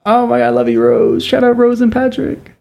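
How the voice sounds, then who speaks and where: A man's voice: very high voice, big pitch swings, fairly quick, vocal fry, mellow. A man co-hosting a local radio show, bantering playfully and laughing often. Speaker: radio co-host. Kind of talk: casual college radio banter.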